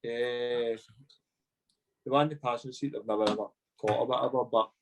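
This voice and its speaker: A man's voice: mid-range voice, brisk, slight background noise. A Scottish man, a former footballer, casually telling a story and acting out the voices of the people in it. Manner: animated, swearing, acts out dialogue.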